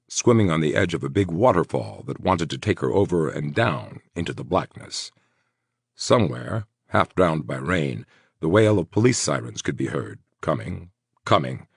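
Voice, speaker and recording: A man reading a horror audiobook in a dramatic, expressive narration. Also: extremely low pitch, creaky, husky, no room sound, clean studio sound.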